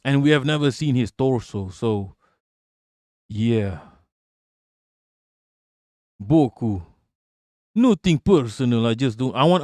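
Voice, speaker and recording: A man's voice: medium pitch, a little mellow, no echo, clean studio sound. A man hosting a livestream, reading viewer comments aloud and answering them in a rambling, profane way. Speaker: livestream host.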